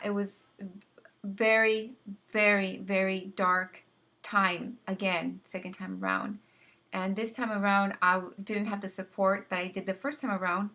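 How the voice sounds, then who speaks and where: A young woman with a bright, ringing voice recounts a hard time in her life. She talks in a casual, earnest way, often stopping and repeating words as she finds her thread. Her pitch sits in an ordinary middle range for a woman. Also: vocal fry. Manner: earnest, halting, with many restarts and repeated words. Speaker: vlogger sharing personal story. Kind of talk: personal testimony, casual storytelling.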